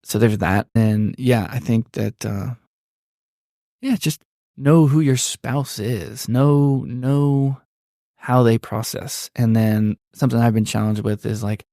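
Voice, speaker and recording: Man, podcast co-host, gravelly voice, reflective halting talk, dry close sound. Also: medium pitch, fairly even intonation, mellow, no echo. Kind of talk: casual faith-based conversation.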